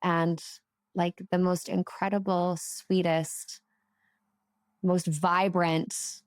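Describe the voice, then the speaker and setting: A woman guest telling a personal story in a casual podcast chat, animated and chatty, with plenty of "like" fillers. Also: lowish voice, very slow, no room sound, clean studio sound. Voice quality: emotional, tearful at moments. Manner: animated, chatty, lots of "like" fillers, laughs and swears while telling.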